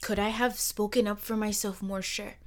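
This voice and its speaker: A young woman from the Caribbean hosting her own podcast in a personal monologue. Her voice sits at a middle pitch, and she swings between emphatic, rhetorical questions and soft, near-whispered asides. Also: steady tone, moderate pace. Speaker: podcast host.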